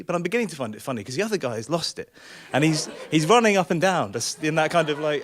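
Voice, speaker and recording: A man's voice: on the high side, sing-song, quick pace, few pauses. Wry, rambling male storyteller. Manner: wry, rambling, self-mocking. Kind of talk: live storytelling. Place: small theatre stage.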